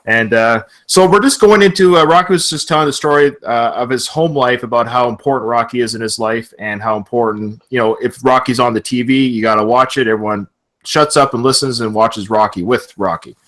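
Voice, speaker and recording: A man from Canada hosts a podcast over a remote call, chatting loosely and laughing often. His voice is bright and forceful, sitting in a middle pitch. He gushes, doubles back and rambles. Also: fairly quick. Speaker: podcast host. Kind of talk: casual podcast chat.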